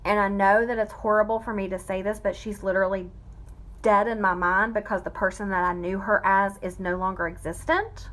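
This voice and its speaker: A woman's voice: medium pitch, fairly even intonation, brisk, a bit bright. A woman giving an emotional personal testimony, fighting back tears as she speaks. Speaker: vlogger telling a family story.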